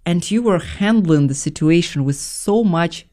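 A woman's voice: lowish voice, expressive, a little slow, mellow. A woman in her late thirties with an Eastern European accent, hosting a casual interview and talking animatedly with many fillers and restarts. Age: 30s. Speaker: host.

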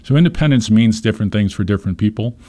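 A man's voice: on the low side, lively intonation, quick pace, mellow. A man, a guest in an interview, explaining his organization's work in an earnest, conversational way and telling short anecdotes. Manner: earnest, explanatory, tells stories with little voiced quotes.

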